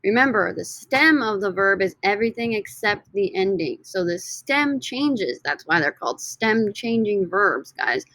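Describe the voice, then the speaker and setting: A woman's voice: mid-range voice, expressive, a little slow, hardly any pauses, a bit bright, no echo. Woman teacher voice, upbeat recorded lesson, dry close sound. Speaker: Spanish teacher.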